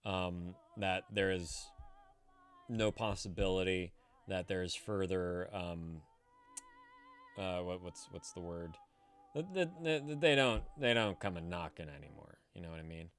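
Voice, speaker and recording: A man's voice: sits low, animated, unhurried, clear, resonant tone, soft background music. A man in his thirties streaming live from home, reading viewers' messages aloud and ranting about them with a lot of swearing. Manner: profane, indignant ranting.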